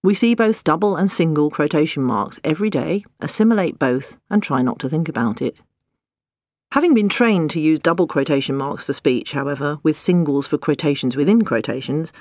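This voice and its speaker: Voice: mid-range voice, moderate pace, a little mellow, no room sound. Narrator reading nonfiction, wry and dry, no room sound at all. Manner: wry, dryly humorous.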